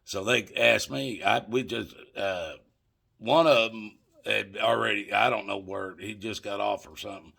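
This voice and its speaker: A man's voice: lowish voice, measured pace, creaky, sharp tone, breathy edge. An older man telling a rambling, profane story straight to his listeners, calling them folks. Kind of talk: casual anecdote told to viewers.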